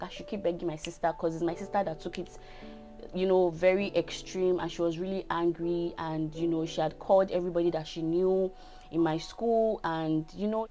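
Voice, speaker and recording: A woman's voice: lowish voice, darkish tone. Chatty young Nigerian woman telling a story. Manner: chatty, often asks "do you get?". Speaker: vlogger. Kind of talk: casual storytime.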